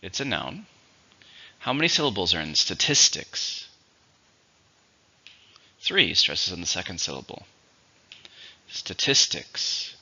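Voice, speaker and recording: This English teacher's very deep voice carries a sharp, bright, sing-song tone as he gives a vocabulary lesson. He patiently dictates syllables and stress slowly and clearly, on a dull lo-fi recording.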